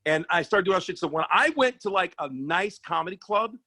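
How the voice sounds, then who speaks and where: A man, a comedian guest on a podcast, telling a profane story in a lively, casual way and acting out other people's voices. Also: sits high, brisk, no room sound. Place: podcast studio.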